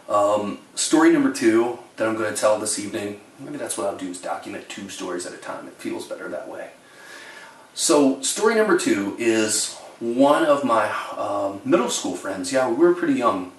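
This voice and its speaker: A man telling funny childhood stories to his camera in a wry, deadpan way. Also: on the low side, recorded from a distance. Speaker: storyteller. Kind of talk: comic storytelling to camera. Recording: roomy, away from the mic.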